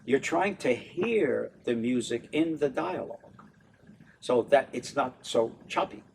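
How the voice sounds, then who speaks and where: Lively older man telling stories. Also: mid-range voice, a little slow, gravelly, far from the mic, slight background noise. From New Orleans, USA. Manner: animated, laughing often, acts out voices. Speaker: opera tenor and stage director, interview guest. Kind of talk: casual interview chat.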